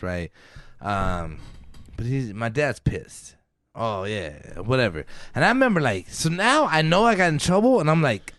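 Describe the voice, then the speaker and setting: A man's voice: mid-range voice, a bit bright, dry recording. A man co-hosting a podcast, telling a long casual story full of swearing, laughs and acted-out quotes. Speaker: podcast co-host.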